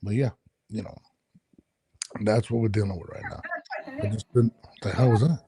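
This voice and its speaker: Give me a man podcast host with a mellow, breathy voice, ranting and swearing in casual chat, recorded dry in a home studio. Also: fairly low pitch, normal speed, no echo. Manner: profane, animated ranting. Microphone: studio headphones and mic.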